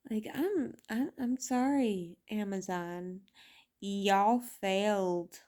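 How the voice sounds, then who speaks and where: A woman video reviewer vents in a casual vlog, speaking slowly and bluntly with lots of swearing. Her medium-pitched voice is mellow and dark-toned, and her exasperation holds steady throughout.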